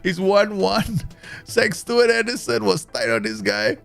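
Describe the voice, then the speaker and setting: A man casually commenting while he plays a football management game, excitable and laughing often. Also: a little slow, vocal fry, faint music behind. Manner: excitable, laughs often, animated pitch swings. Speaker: gaming streamer.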